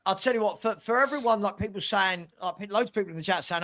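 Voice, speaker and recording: A man's voice: sits high, fast talker, sharp tone. A man, a fan podcast panelist making emphatic, cautionary points in casual football debate.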